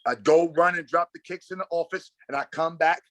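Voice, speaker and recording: Bright, animated Brooklyn storyteller man. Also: fairly high pitch, a little fast. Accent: New York. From Brooklyn, New York. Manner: animated, slangy storyteller acting out dialogue. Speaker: guest, basketball coach. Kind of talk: casual storytelling interview.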